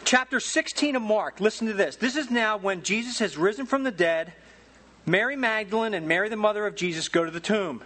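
High-voiced animated male preacher. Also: a little fast, slight background noise. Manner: animated storytelling with folksy humor. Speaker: pastor. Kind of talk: sermon.

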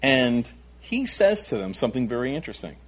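A male pastor delivers a sermon with a husky edge to his voice. His pitch rises and falls in a lively way as he presses his points. He often doubles back on his words and drops in quick asides. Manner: emphatic preaching, with frequent repeats and asides.

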